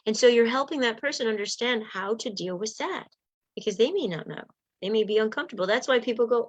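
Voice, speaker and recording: A woman's voice: a little high, fairly quick, no echo. Female life coach, encouraging workshop delivery, dull dry recording. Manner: earnest, conversational, encouraging. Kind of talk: teaching a self-help workshop. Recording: slightly muffled, dull sound.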